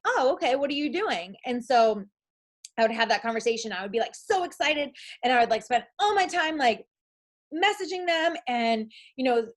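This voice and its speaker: Chatty high-voiced young woman coaching. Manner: chatty, upbeat, lots of likes and ums; shifts into acted-out quotes of herself. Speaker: coach trainer. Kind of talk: casual training talk.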